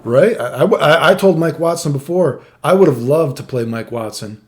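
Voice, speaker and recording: A man's voice: a little high, normal speed. A middle-aged man telling stories in a casual monologue, swearing a lot and acting out the quotes with laughter. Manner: profane, animated, acts out quotes with laughs. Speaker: streamer telling fighting game stories.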